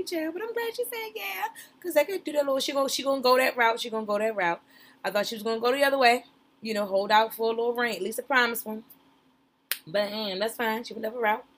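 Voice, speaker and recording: A woman's voice: on the high side, brisk, pushed and bright. A woman giving casual, playful reaction commentary on a reality show, talking straight to her viewers in a slangy, chatty way. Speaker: reaction streamer.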